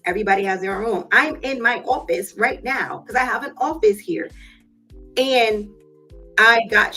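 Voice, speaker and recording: A woman with a mid-range, fairly bright voice and a breathy edge hosts a live stream from her home office. She's a business owner giving a casual motivational talk, telling chatty stories and calling her listeners y'all.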